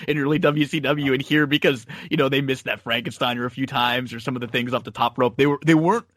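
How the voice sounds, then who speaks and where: Man, podcast host, loose rambling chat, mid-pitched, dry close mic. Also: steady tone, quick pace, fairly bright tone, no room sound. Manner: rambling, many fillers and restarts, laughs often. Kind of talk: casual wrestling rewatch chat.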